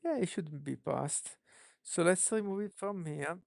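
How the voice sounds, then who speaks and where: Developer streaming live code, thinks aloud, heavy vocal fry, dry close sound. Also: medium pitch, darkish tone, no echo. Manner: musing, self-questioning, unhurried.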